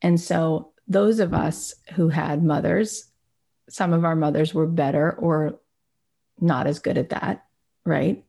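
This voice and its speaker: A woman's voice: low-pitched, fairly even intonation, takes it slowly, creaky, dark tone, husky. A woman giving a candid, reflective motivational talk. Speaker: speaker.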